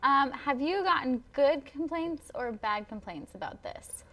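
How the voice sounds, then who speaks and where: A woman's voice: sits high, lively intonation, measured pace, bright, forceful tone. A young woman hosting a student talk show, chatty and playful as she interviews and introduces guests.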